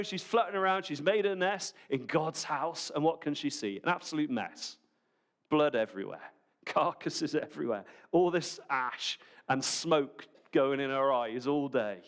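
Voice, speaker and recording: A man preaching a sermon at a church service, animated and conversational, full of rhetorical questions. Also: mid-range voice, normal speed, clean tone.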